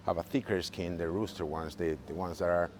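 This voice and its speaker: A man's voice: low voice, fairly even intonation, a little mellow, a little hiss or hum. A man with a Spanish accent, a non-native English speaker, patiently explaining gardening as a guest on a radio interview. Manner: patient, repeats points, slightly halting English.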